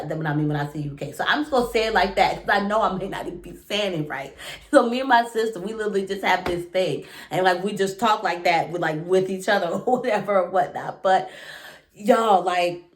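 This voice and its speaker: A woman giving a casual, animated reaction recap of a reality show, talking fast with lots of fillers and asides. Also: lowish voice.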